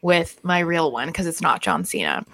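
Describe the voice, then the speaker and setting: A woman's voice: deep voice, sing-song, moderate pace, a bit bright. A woman co-hosting a casual live sports podcast, chatty and giggling often. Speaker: podcast co-host. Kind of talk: casual live-stream chat.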